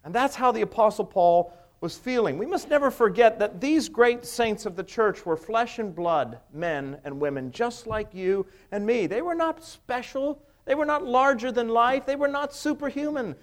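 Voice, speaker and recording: A man's voice: very high-pitched, lively intonation, moderate pace, few pauses. A middle-aged male pastor preaching a sermon, emphatic, with many rhetorical questions.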